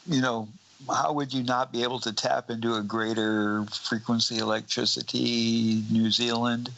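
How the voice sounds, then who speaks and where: A male guest on a talk radio show with a gravelly edge to his voice. He rambles in a playful, joking way and drifts from one idea to the next in casual chat. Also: medium pitch, level tone, moderate pace, fairly bright tone, slight background noise, low-quality recording.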